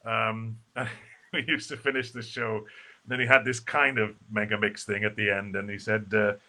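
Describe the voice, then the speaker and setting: A man's voice: on the low side, level tone, moderate pace, sharp tone. A man, a stage actor guest in a casual live video interview, who talks in a chatty, rambling way full of fillers and restarts. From Wales.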